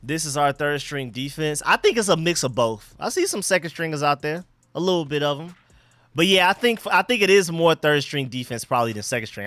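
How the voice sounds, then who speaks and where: Man, livestream host, bright voice, slightly high, dry room, chatty and excited. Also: no echo. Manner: excited, chatty, talks to chat and his dogs. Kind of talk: casual live football commentary.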